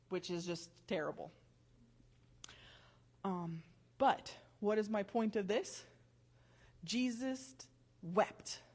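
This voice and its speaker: Slow-speaking woman giving a church testimony. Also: medium pitch. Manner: conversational, self-correcting, reads scripture aloud. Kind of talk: testimony talk from notes.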